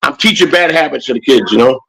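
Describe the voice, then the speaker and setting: A man's voice: mid-range voice, animated, fast, vocal fry, a bit bright, slight background noise, low-quality recording. An older man and grandfather co-hosting a casual morning chat show, rambling and joking with many restarts. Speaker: co-host.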